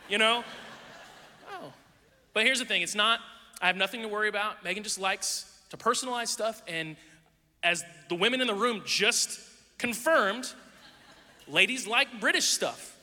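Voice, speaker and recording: Man, pastor, high bright voice, lively joking sermon delivery, big reverberant hall. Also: normal speed. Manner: animated storytelling with jokes to a congregation. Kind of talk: humorous sermon. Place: large hall with a live audience. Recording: live hall with long reverb.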